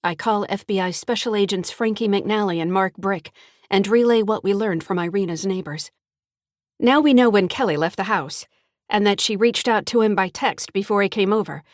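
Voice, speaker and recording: A calm woman investigator narrates and gives instructions in a brisk, businesslike way, read by a woman. Her pitch is mid-range and the recording is close and dry. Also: dry recording, close to an everyday voice.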